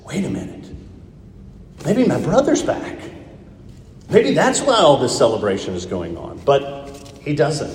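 A man's voice: medium pitch, darkish tone, a little hiss or hum. A man preaching a sermon, reading scripture and asking his listeners rhetorical questions. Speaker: pastor. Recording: echoey hall, speaker far from mic.

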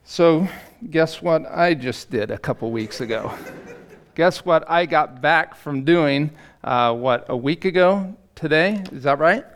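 A middle-aged man preaching as a pastor in a church, halting and self-deprecating, with many fillers and restarts. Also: fairly high pitch, animated, a bit bright. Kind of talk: sermon. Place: church sanctuary.

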